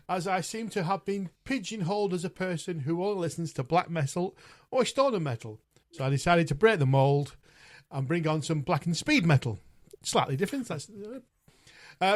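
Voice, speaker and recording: A man hosting a podcast in casual chat, with a fairly high voice. He is chatty and laughs at himself, and swears freely as he reviews albums. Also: sing-song, moderate pace. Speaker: podcast host.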